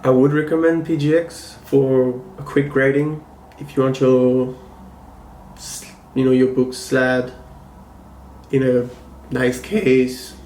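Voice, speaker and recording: Man, casual vlog review, measured and critical, slow and even delivery, roomy echo. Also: medium pitch, slight background noise. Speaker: comic book collector and channel host. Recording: roomy echo, faint ambience.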